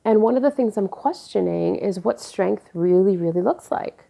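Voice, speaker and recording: A woman in her forties speaking candidly to camera, telling personal stories and reflecting slowly and deliberately. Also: mid-range voice, lively intonation, gravelly, warm tone. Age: 40s. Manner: candid, storytelling, turns slow and deliberate when reflective. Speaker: vlogger.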